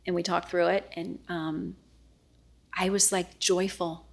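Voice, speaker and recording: A middle-aged woman, a news anchor, telling a personal story in an interview, earnest and often dropping to a hushed voice as she re-enacts what was said. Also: fairly low pitch, little pitch movement, slow pace, gravelly. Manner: earnest, reenacts dialogue, often drops to a hushed voice.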